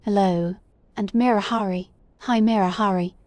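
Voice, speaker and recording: A woman's voice: mid-range voice, fairly even intonation, normal speed, a little mellow, no room sound. A woman streamer, still a little sick, playfully reading chat messages aloud in casual livestream talk.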